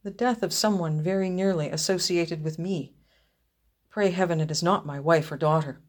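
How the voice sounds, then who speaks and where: A woman's voice: mid-range voice, lively intonation, normal speed, natural voice. A woman reading the lines of a solemn, dignified count in a ghost story. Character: solemn Italian count of Irish descent, man.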